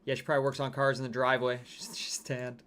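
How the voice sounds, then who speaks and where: A man's voice: mid-range voice, monotone, fast, a bit bright, clean tone. A man hosting a game livestream, chatting casually and reading out viewer comments. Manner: chatty, reacting to game skins and chat. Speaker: livestream host.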